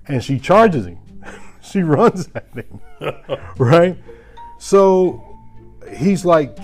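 Animated man telling a story casually. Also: a little high, drawn-out words, pauses often, faint music behind. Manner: animated, chuckling, rising loud at tense moments.

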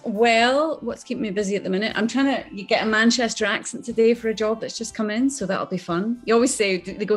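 A middle-aged woman with a Scottish accent, an actress chatting as an interview guest, animated and quick to laugh. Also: medium pitch, husky, soft background music. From born in England, raised on Islay, Scotland. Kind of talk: casual chat.

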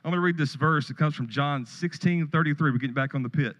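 A man's voice: fairly high pitch, fast talker, a bit bright, poor audio. A middle-aged man pastor preaching a sermon, telling stories and joking with the congregation in a church. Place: church sanctuary.

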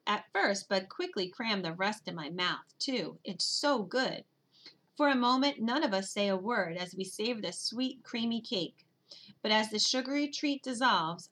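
Audiobook narrator: a woman who reads a children's storybook in first person, bright and expressive. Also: medium pitch.

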